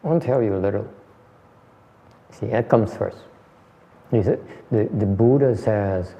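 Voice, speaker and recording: A man's voice: lowish voice, a little slow, creaky, pauses often, dark tone. Man teaching in a muffled hall. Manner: conversational, repeats phrases, answers questions. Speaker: meditation teacher. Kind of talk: dharma lecture. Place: meditation hall.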